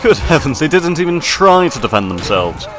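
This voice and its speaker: With a fairly high pitch, big swings in pitch and a moderate pace, this man narrates gameplay in character. The gaming video creator trades mock-pompous, upper-class officer banter and chuckles at his own jokes, with faint music behind him.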